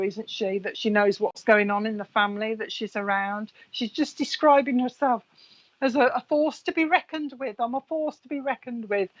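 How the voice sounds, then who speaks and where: Over dull audio, this woman speaks in a mid-range voice while doing a live reading as a psychic medium. Chatty and quick to laugh, she addresses viewers by name as she passes along their messages.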